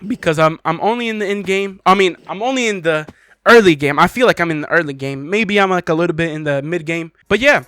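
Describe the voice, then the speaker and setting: Young male gamer host, high voice, bone-dry close mic, slangy and incredulous. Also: quick pace, pushed and bright, clean tone, no echo. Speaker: gaming channel host. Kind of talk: casual gameplay commentary.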